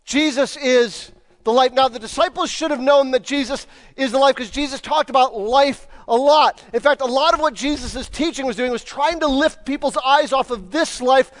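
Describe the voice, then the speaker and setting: A man's voice: extremely high pitch, moderate pace. A man preaching a sermon in a church, talking in a casual, conversational way and acting out the lines he quotes. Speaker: pastor.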